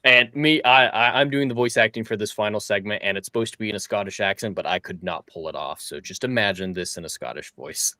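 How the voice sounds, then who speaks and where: Bright-voiced man hosting a chat. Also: lowish voice, fast, few pauses, dry recording. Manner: chatty, explains with little laughs. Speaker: podcast host and audio drama producer. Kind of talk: casual chat.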